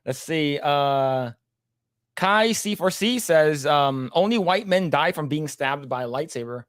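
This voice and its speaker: A man with a slightly high voice talks in a laid-back, chatty way as he reads chat comments aloud on a livestream. He laughs easily between comments. The sound is dry and close, with no room echo. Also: lively intonation, measured pace, smooth. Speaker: podcast co-host reading live chat.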